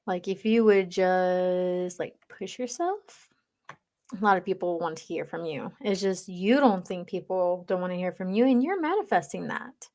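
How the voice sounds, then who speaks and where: A woman's voice: on the low side, lively intonation, normal speed, a little mellow. A woman chatting casually with viewers on a livestream, teasing them and reading their comments aloud. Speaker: livestream reader.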